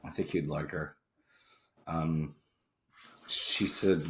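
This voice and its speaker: A man in casual conversation, speaking haltingly with many restarts and candid personal recollection. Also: a bass voice, a bit bright. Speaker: podcast co-host. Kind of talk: casual chat.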